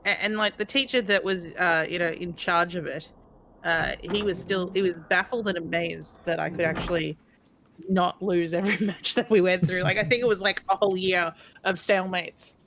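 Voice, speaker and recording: A woman's voice: fairly low pitch, steady tone, moderate pace, fairly bright tone, a little hiss or hum. A woman streaming a retro game, chatting and telling rambling stories. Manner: rambling, chatty storytelling with fillers. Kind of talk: casual chat.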